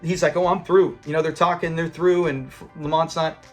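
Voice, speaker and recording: High-voiced man recapping an episode animatedly. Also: fairly quick, faint music behind. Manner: animated, acts out quoted lines and laughs while retelling. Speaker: host of a classic sitcom review channel.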